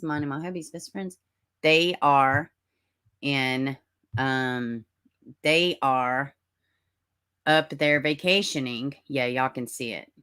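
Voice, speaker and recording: This woman's voice sits low yet has a fairly bright tone. She's a Southern-accented true-crime livestreamer from Middle Tennessee who reads viewer comments and greets people as honey and baby in a casual chat.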